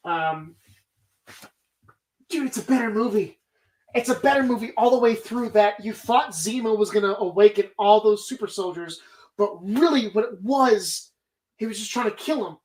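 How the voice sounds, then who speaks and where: A woman's voice: mid-range voice, normal speed, rough recording. A woman hosting a casual movie bracket show, talking animatedly and rambling, swearing freely as she argues her picks. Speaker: podcast host.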